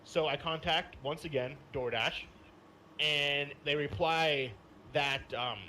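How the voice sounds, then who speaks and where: A man co-hosting a casual gaming podcast, telling a story with lots of swearing and bursts of laughter. His voice sits a little high and comes across bright and forceful. A faint hiss runs under the recording. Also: normal speed. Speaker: podcast co-host. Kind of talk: casual chat.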